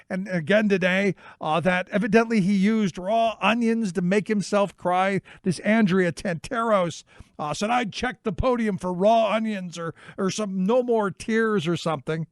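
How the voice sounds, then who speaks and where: A man hosting a political talk radio show, speaking in an indignant, halting way with many fillers and restarts. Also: sits high, no room sound, clean studio sound.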